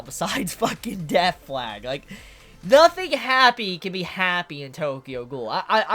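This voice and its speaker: A woman's voice: fairly low pitch, a bit bright. A young woman giving casual manga commentary, emphatic and repetitive, swearing often. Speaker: manga reviewer.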